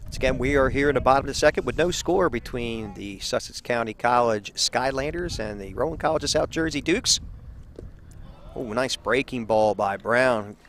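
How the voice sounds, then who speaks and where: A man calling a college baseball game play by play from beside the field, easygoing and quick to laugh. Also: mid-range voice, a bit bright, a little hiss or hum. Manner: easygoing, laughs often with co-commentator. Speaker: play-by-play announcer. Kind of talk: live baseball commentary. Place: outdoors beside a ball field.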